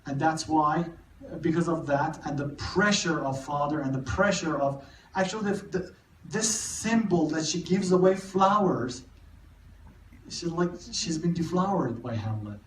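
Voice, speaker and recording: A man giving a live literature lecture, talking haltingly with many repeated words and restarts. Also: fairly high pitch, slight background noise. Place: cinema hall. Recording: echoey room, mic far off.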